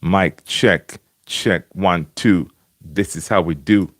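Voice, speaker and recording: A man hosts a relaxed fan livestream from home on a webcam streaming setup, greeting viewers by name and filling his speech with fillers and restarts. His voice is low-pitched and unhurried, and the recording is dry with clean, studio-like sound.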